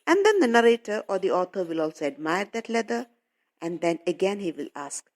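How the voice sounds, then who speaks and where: Woman teacher with a low, lively voice. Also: brisk. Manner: patient, repeats and paraphrases, addresses pupils as children. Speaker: English teacher. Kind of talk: explaining a story to schoolchildren.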